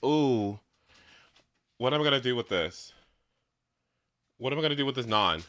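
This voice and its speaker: A man's voice: mid-range voice, animated, normal speed, a bit bright. A man hosting a live stream in casual chat from his home setup, ranting in exasperation with frequent swearing and stammered restarts. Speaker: livestream host.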